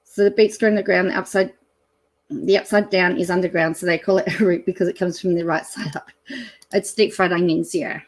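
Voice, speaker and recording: A middle-aged Australian woman, the host of her own channel, chatting casually and rambling as she reads out a fast-food menu, with many ums and some excited laughter. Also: on the low side. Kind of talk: casual chat reading a menu aloud.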